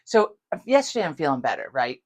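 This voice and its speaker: A woman's voice: sits low, fast. A woman co-hosting a casual podcast, telling a story with lots of swearing and acting out both sides of conversations. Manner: profane, animated, acts out dialogue. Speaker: podcast co-host.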